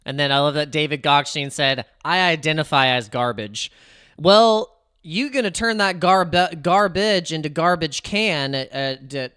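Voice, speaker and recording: A man's voice: fairly high pitch, expressive, unhurried, fairly bright tone, clean tone. Rambling, laughing crypto streamer man. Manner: rambling, self-interrupting, laughs often. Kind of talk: casual live-stream chat.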